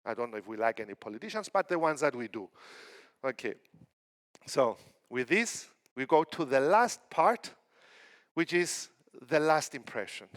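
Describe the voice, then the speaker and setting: A man's voice: medium pitch, normal speed. A middle-aged man from Cyprus giving a conference keynote, telling stories with acted-out quotes. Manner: animated storytelling with acted quotes. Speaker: keynote speaker.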